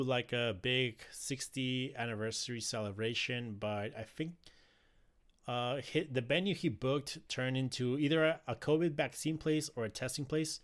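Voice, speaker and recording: A man casually recapping a wrestling show, rambling with many fillers and restarts. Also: medium pitch. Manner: rambling, frequent fillers and restarts, laughs easily. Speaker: wrestling podcast host.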